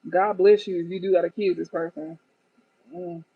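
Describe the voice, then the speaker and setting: A woman's voice: lowish voice, steady tone, moderate pace, husky, no echo. A woman giving a casual tarot reading to her viewers, blunt and profane, often cracking up at the cards. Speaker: tarot card reader. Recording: tinny phone-like dry sound.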